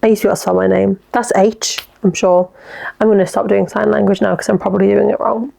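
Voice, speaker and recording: Chatty young woman with gravelly fry. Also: mid-range voice, little pitch movement, fast, dark tone. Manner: chatty, giggly, reacts aloud to listener messages. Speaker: podcast host. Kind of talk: casual solo podcast chat.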